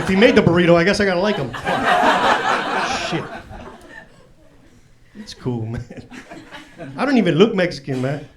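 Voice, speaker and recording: A man's voice: high-pitched, sing-song, normal speed, pauses often, background noise. A man from doing a stand-up comedy set, telling profane, slangy street stories on a club stage. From Chicago, USA. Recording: live comedy club with loud crowd. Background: audience laughing.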